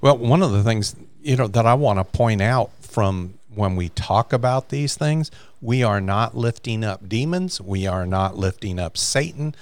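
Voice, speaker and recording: A man's voice: on the low side, animated, measured pace, hardly any pauses, no room sound. A man co-hosting a faith podcast, earnestly retelling a story from a book in casual chat. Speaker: podcast co-host.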